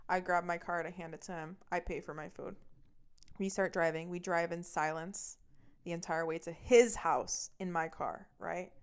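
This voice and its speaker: Smooth-voiced woman telling a heated story. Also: fairly low pitch, fairly even intonation. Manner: heavy swearing, fast and heated. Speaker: podcast host. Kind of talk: storytelling, personal anecdote.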